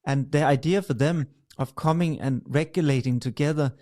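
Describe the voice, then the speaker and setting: A man's voice: on the high side, normal speed, darkish tone. A man, co-hosting a podcast about relationships, explaining patiently and often checking in with "right?". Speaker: podcast co-host, couples expert. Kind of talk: conversational explanation, role-playing a partner.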